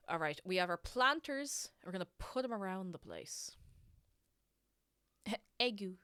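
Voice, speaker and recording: Playing a game on stream, a woman from Ireland chats loosely and scatterbrainedly with her audience, addressing chat directly. Her low-ish voice is animated, pushed and bright, moving at a moderate pace with long pauses. The sound is clean and studio quality, with no echo.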